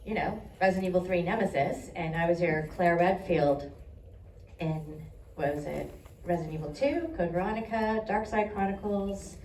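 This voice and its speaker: Chatty woman with a lowish voice, echoey hall. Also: moderate pace, a little mellow, slight background noise. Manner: chatty and wry, joking at her own expense. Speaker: voice actor panelist. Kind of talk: casual panel chat. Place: convention panel hall. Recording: echoey hall recorded from far off.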